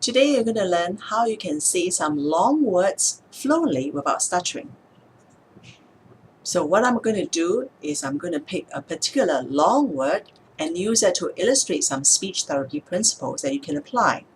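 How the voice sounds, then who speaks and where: A woman speech therapist explaining speech techniques in a calm, measured way, sometimes slowing down to show a word's stress. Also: fairly low pitch, a little hiss or hum. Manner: calm, measured, demonstrates words slowly with stress. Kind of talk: instructional explanation to camera.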